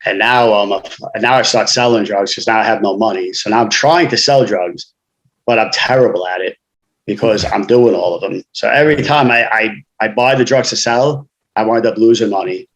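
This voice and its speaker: A man's voice: fairly low pitch, normal speed, a bit bright, low-quality recording. A man, a guest author telling his life story frankly in casual conversation, often saying "you know".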